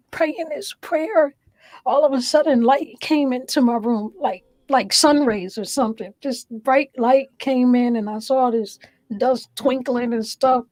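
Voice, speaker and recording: A woman's voice: high-pitched, a little mellow, dry recording, rough recording. A woman who is a comedian, a guest telling an emotional personal story with earnest feeling and acting out her own past words. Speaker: interview guest.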